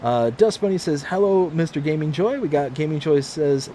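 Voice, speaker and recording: A man hosts a relaxed gaming livestream, reading viewer messages aloud one after another in a cheerful, chatty way. His voice sits a little high for a man. A faint hiss runs under the recording. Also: a little fast, few pauses. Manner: reads viewer chat aloud, upbeat and friendly. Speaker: livestream host. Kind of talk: casual livestream chat reading comments. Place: home room, mostly packed up.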